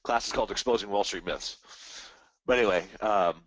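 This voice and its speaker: Rambling low-voiced man on markets. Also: fairly quick, no echo. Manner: rambling, animated, mimics voices in asides. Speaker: trading webinar host. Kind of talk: casual live-stream market commentary.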